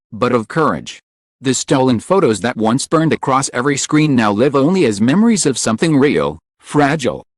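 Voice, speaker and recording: Male narrator, solemn script read, pitch swoops all over, dry booth sound. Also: no room sound. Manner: solemn, lingering emotional phrasing. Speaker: channel narrator.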